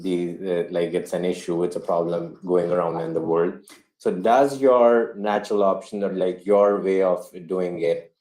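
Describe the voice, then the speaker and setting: A man with a very deep, low voice hosts a casual interview, his questions halting and loaded with fillers. The sound bounces around an echoey room. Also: dark tone. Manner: halting questions full of fillers, brief reactions. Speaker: podcast host.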